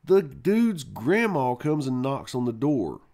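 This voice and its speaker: A man hosting a live stream tells a rambling childhood story casually, swearing and packing in fillers like "man" and "you know." His medium-pitched voice is mellow with vocal fry, swings widely in pitch, and moves slowly.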